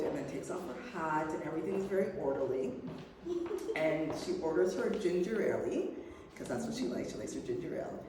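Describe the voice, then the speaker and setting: Animated woman telling a story in an echoey hall. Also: lowish voice. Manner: animated anecdotal telling, laughing often. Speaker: speaker at a women's network event. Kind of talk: personal storytelling talk. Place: event hall. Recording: echoey hall, voice from far off, noisy.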